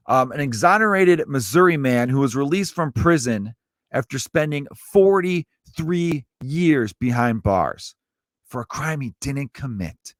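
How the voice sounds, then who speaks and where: A man from Chicago, a stand-up comedian and podcaster, ranting with profanity, swinging between loud outbursts and low mutters. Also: no echo, studio quality. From Chicago, USA. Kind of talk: comedic rant.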